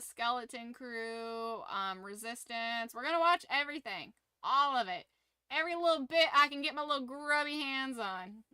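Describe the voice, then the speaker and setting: A woman streaming from her room at home, chatting casually with viewers in a rambling, excitable way and laughing often. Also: sits high, smooth, no echo. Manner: animated, rambling fan enthusiasm with frequent laughs.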